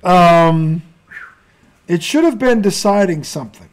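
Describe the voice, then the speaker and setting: A man hosting a casual sports talk debate, his voice sitting high and swinging widely as he talks. He rants, swears freely and breaks into laughter, keeping the back-and-forth loose and unpolished. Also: lively intonation, smooth. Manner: profane, ranting, quick to laugh. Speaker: sports talk show host.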